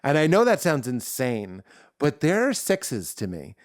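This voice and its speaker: A man's voice: mid-range voice, unhurried, no room sound, clean studio sound. A man, a comedian guest on a podcast, talking at length in casual chat and acting out his bits in voices. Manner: animated, acts out bits in character voices.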